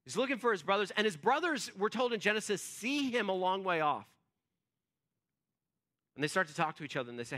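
A male pastor giving a sermon as relaxed storytelling, acting out quotes and using many fillers. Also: high-pitched, a little fast, long pauses. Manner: conversational storytelling, acts out quotes, frequent fillers. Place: church.

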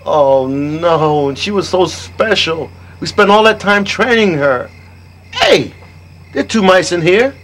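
Casting: man playing an exuberant circus-dreaming neighbor, high for a man, very lively pitch. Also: measured pace. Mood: enthusiastic. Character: enthusiastic middle-aged man who is dreaming of a circus. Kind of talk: children's video acting.

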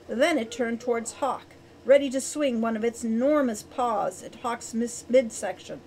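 Higher-voiced woman reading a story. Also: slight background noise, rough recording. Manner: voices each character with lively shifts. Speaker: audiobook reader. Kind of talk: storybook narration.

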